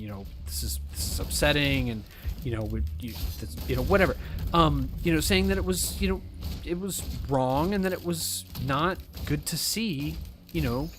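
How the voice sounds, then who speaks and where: A man talking in a casual rant, swearing often and mimicking other people's reactions in quick quoted asides. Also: a little high. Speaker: streamer. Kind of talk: casual ranting chat.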